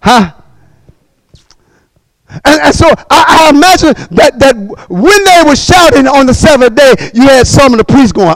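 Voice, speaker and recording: Guy preaching real high-pitched, dry sound, hollers and calls out to the crowd. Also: animated, no room sound, low-quality recording. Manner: call-and-response preaching, bursts of shouting, quick repetitions. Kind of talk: sermon.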